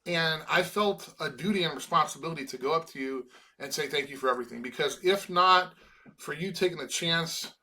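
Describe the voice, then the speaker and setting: A middle-aged man from Chicago speaks as an interview guest, earnest and sincere, stumbling over repeated words as he gathers his thoughts. His voice sits a little high and rings bright and forceful. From Chicago, USA. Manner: earnest, halting with many restarts. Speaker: guest, former college football player. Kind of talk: emotional interview conversation.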